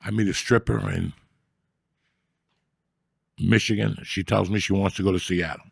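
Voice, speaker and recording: A man with a low, gravelly voice spins a rambling, profanity-laced story as a comedian guest on a podcast. His delivery is streetwise and casual. The sound is dry and close, with no room echo. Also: steady tone, moderate pace. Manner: rambling, streetwise, swears often.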